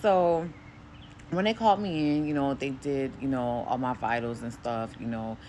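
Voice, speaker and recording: A woman from New York casually telling a personal faith testimony, acting out quoted speech in a higher voice. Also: steady tone, normal speed, a little hiss or hum. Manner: grows quieter and softer later in the story. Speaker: Christian vlogger.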